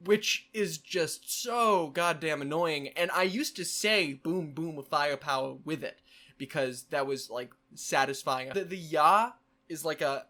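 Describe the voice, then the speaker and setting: A man chatting to his camera in a loose vlog style. His voice is bright and forward and sits a little high for a man. He keeps it playful, with quick asides and bursts of repeated phrases. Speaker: vlogger. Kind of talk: casual vlog monologue.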